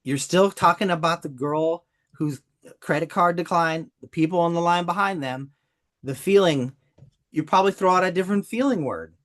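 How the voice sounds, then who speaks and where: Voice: mid-range voice, normal speed, fairly bright tone. A business coach hosting a podcast, talking emphatically to a co-host, repeating key points and getting emotional over the examples.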